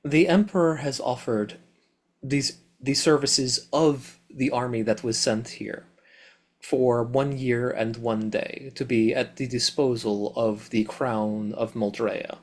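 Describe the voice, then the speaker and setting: A man's voice: medium pitch, fairly even intonation, slow, darkish tone. A man playing his character in a tabletop game, speaking with formal, courtly politeness. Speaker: player. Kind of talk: in-character diplomatic speech.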